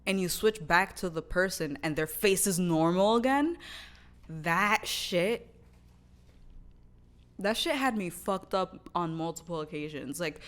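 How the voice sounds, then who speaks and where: A woman in her twenties chatting casually about anime as a vlogger, candid and profane. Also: fairly low pitch. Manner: candid and profane, lots of fillers and restarts. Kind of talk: casual chat.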